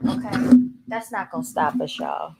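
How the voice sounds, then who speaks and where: A woman's voice: deep voice, animated, normal speed, vocal fry, loud music behind the voice, poor audio. Woman hosting a livestream; folksy, dramatic delivery, talks straight to her viewers. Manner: dramatic, folksy, keeps addressing viewers as y'all; apologetic while fixing a fallen mic stand. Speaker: livestream host. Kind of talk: casual livestream talk to viewers. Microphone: handheld studio microphone.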